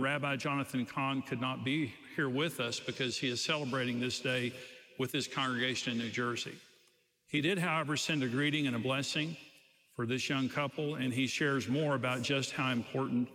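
A man officiating a wedding, leading the couple through their vows line by line in a measured voice. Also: medium pitch, sharp tone. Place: wedding venue. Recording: echoey ceremony hall.

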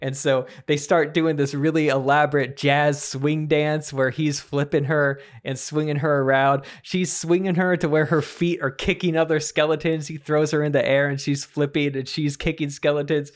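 A man co-hosting a comedy podcast, improvising a story and jumping into squeaky character voices for the figures. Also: flat delivery, moderate pace. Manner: acts out characters with sudden high-pitched voices. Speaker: podcast co-host.

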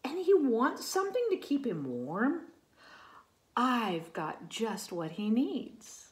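A woman's voice: a little high, sing-song, takes it slowly, pitched above the performer's own voice. A woman voicing a drowsy, kind panda in a storybook read-aloud.

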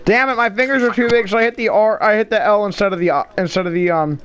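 A man's voice: high-pitched, fast, fairly bright tone. A man chatting casually with friends while live streaming a game, rambling and swearing freely. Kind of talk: casual gaming chat.

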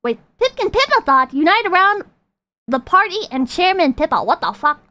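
Woman streamer, very high voice, profane and ranting, dry close sound. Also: sing-song, moderate pace, pushed and bright, dry recording. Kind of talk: casual livestream reaction and chat reading.

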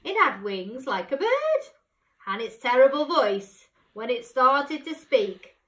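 A woman teacher reading a children's picture book aloud with expressive, dramatic storytelling. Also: mid-range voice. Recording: echoey room, voice off-mic.

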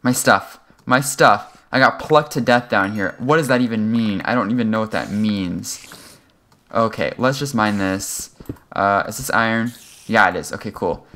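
A young man giving casual, rambling commentary over a game he is playing, excitable and self-mocking, with sudden high yelps when startled. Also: normal speed, a little hiss or hum. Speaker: gaming channel host.

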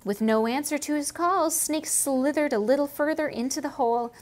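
A Canadian woman, a museum educator, teaching small children and reading a storybook aloud. She speaks slowly in a sing-song way and asks the kids questions. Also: high-pitched.

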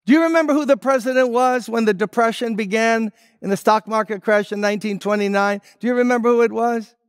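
A man preaching a sermon as pastor, emphatic, dropping to hushed tones and rising on key words. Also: very high voice, steady tone, fast talker, smooth, no room sound, clean studio sound. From United States.

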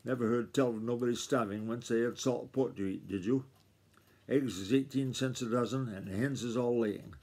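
A man reading aloud and voicing a stingy, quick-tempered old farmer grandfather who snaps and bellows. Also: darkish tone, natural voice. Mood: snappish. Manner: snapping, bellowing in a high strained voice.

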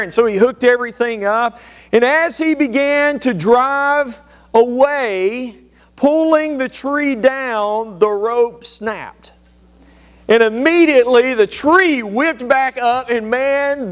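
A man's voice: very high-pitched, fairly bright tone, clear, resonant tone. A man preaching a sermon, telling a folksy joke story and calling out questions to the congregation. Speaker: pastor.

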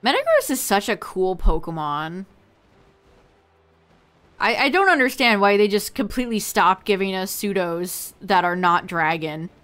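Slow-talking chatty woman streamer. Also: mid-range voice, expressive, a bit bright. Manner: chatty, laughs often, talks to chat. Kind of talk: casual live-stream chat.

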